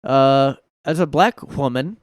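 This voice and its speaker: A man riffs alone on his podcast in a sarcastic, mocking tone and often laughs at his own lines. His voice sits at a middle pitch. It is recorded close and dry, with no room sound. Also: takes it slowly, clear, resonant tone, no room sound. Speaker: podcast host. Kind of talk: casual solo commentary. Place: home room.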